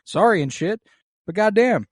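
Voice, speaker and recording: A man's voice: sits high, lively intonation, moderate pace, no room sound, clean studio sound, pitched above the performer's own voice. A man voicing a crude, exasperated old king as a slangy, profane parody.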